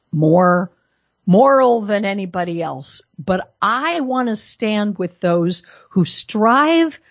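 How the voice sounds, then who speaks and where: Woman, radio talk host, sarcastic monologue, emphatic, average pitch, dead dry studio mic. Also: no room sound, dull audio. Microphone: studio microphone.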